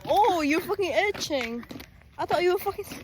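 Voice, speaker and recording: A woman's voice: very high voice, lively intonation, normal speed, a little hiss or hum. A young woman vlogging in casual chat outdoors, giggly and slangy, swearing often. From Philippines. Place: outdoors on a big rural property.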